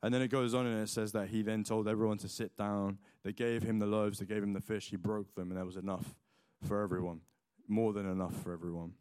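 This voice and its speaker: A man's voice: fairly low pitch, brisk, smooth, no echo, studio quality. A young man preaching a sermon, mixing chatty personal stories full of likes and ums with Bible reading. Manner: chatty, lots of likes and ums, animated retelling.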